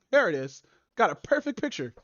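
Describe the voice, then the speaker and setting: A woman's voice: mid-range voice, big pitch swings, moderate pace, no room sound, dull audio. A woman hosting a podcast, recapping a story in rambling, profane casual chat. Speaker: podcast host.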